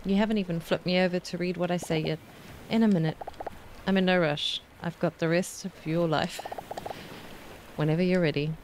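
A woman's voice: lowish voice, steady tone, brisk, noisy background, close to an everyday voice. A cheeky talking postcard, voiced by a woman. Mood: teasing. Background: game music.

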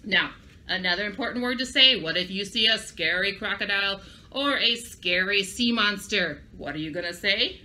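A woman's voice: mid-range voice, lively intonation, normal speed, sharp tone. A woman librarian giving a children's craft and story lesson, upbeat and speaking directly to young kids.

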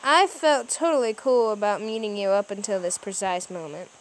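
A woman's voice: mid-range voice, normal speed, a little hiss or hum, natural voice. A woman voicing an easygoing young male movie star who jokes in a friendly way, with music underneath.

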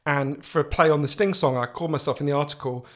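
A man with a posh English accent, a guest author telling animated, profane stories in casual podcast chat. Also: a little high, fast. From England. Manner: animated, swearing storyteller.

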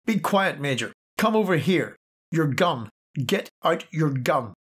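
A man's voice: medium pitch, measured pace. A man voicing a tense, paranoid male soldier giving clipped, urgent orders.

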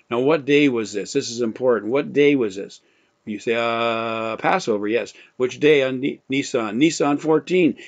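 A man teaching a Bible lesson in sermon style, emphatic and repeating key phrases, quoting scripture with dramatic force. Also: medium pitch. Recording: dull lo-fi recording.

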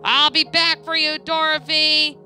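A woman's voice: a little high, sing-song, moderate pace, sharp tone, soft background music, heavily acted. A woman putting on a gloating wicked witch. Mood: screaming. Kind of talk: storybook reading.

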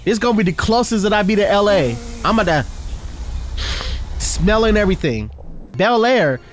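A young man giving loud, excitable, trash-talking commentary while he plays a video game. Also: sits high, normal speed, a little hiss or hum. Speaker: gaming video host. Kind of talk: excited let's-play commentary. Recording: game soundtrack playing behind.

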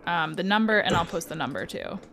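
A woman's voice: on the low side, expressive, brisk, vocal fry, noisy background. A woman singer hosting a casual fan video call, upbeat and friendly. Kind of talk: casual chat.

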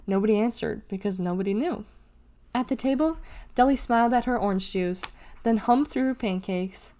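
Woman reading a children's novel aloud. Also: normal speed. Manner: expressive, acts out dialogue with raised pitch and whispers. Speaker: reader.

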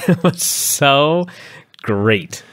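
A man's voice: very slow, dry recording, studio quality. A man co-hosting a wrestling review podcast, ranting animatedly in casual chat. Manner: animated ranting with sweeping pitch swings. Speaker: podcast co-host.

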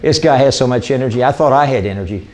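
An older man, an evangelist, talking through an informal, rambling sermon with excitable enthusiasm. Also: medium pitch, fast talker. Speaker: evangelist hosting a ministry show. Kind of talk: informal sermon talk to camera.

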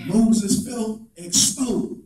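A male pastor preaching a sermon, building to shouted runs of repeated lines and then dropping to low, quiet asides. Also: drawn-out words, echoey room, far from the mic, rough recording. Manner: repetitive call-and-response cadence.

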